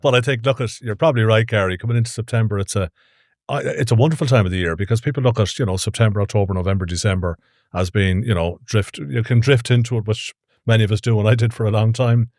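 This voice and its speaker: An Irish man, a podcast co-host, talking quickly and reflectively in casual chat with plenty of fillers. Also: on the low side, darkish tone, no room sound, studio quality.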